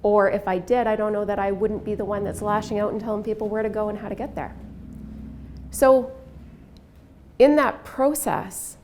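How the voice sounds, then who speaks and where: A woman's voice: medium pitch, a little mellow. A middle-aged woman giving a presentation on workplace culture, telling a personal story in a candid, reflective way with quoted dialogue.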